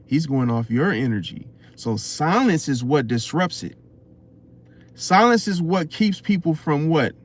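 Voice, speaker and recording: A man hosting an astrology channel, giving an unscripted motivational talk full of rhetorical questions and repeated "see?". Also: fairly high pitch. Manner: preachy, rhetorical questions, keeps saying "see?".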